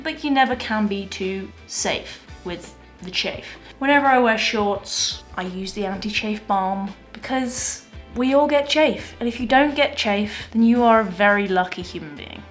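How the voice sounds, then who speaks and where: A young woman with a fairly high voice talks straight into a camera she holds herself, chatty and full of self-mocking jokes. Soft music plays faintly underneath her casual vlog chat. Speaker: marathon runner vlogger. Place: indoors at a mountain training base. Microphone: handheld camera mic.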